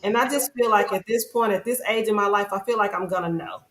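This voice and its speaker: A woman's voice: mid-range voice, quick pace, a bit bright, a little hiss or hum. A woman hosting a podcast, chatting casually and earnestly in long, rambling stretches. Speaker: podcast host. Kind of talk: casual chat. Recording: roomy echo.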